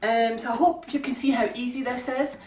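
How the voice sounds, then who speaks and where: A woman's voice: fairly high pitch, steady tone, brisk, darkish tone. Chatty woman cooking at home. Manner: chatty, homely, many ums. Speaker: home cook. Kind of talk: casual cooking demonstration. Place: home kitchen. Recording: roomy kitchen sound from a distant mic.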